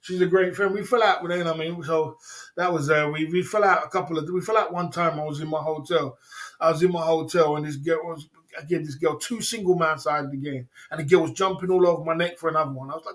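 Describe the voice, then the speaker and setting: Guy rambling on his livestream, laughing thru stories, kinda high voice. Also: fairly even intonation, fast talker, fairly bright tone. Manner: reads viewer comments aloud. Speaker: livestream host. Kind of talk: casual livestream chat.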